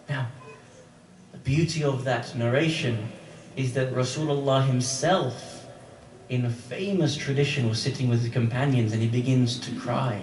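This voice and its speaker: A man giving a religious storytelling lecture, with rhetorical questions and dramatic pauses. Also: medium pitch, steady tone, a little mellow, a little hiss or hum. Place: lecture hall. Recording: echoey room from a distant mic, faint ambience.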